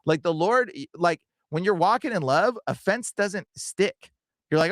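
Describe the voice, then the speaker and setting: A man's voice: sits high, lively intonation, a bit bright, no room sound. A young man hosting a livestream podcast, talking earnestly and casually with lots of fillers and "bro". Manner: earnest, fast, filler-heavy with frequent "bro" and "like". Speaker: podcast host.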